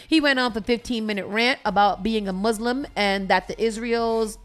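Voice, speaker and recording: A woman from the United States, hosting a morning radio show and reading news items with animated comments. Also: on the high side, brisk, few pauses. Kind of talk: casual morning-show chat.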